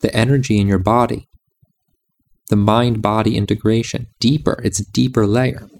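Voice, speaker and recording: A man's voice: fairly low pitch, steady tone, normal speed, creaky, a little mellow. A man giving a reflective monologue about music and meditation, insistent and repeating his phrases.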